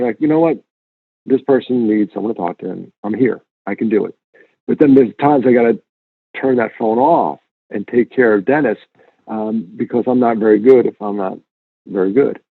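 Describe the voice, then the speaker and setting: A man speaking as a guest in an interview, earnest and emphatic, telling stories with lively repetition. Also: medium pitch, slightly rough, no room sound. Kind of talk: conversational interview. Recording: tinny phone-line sound.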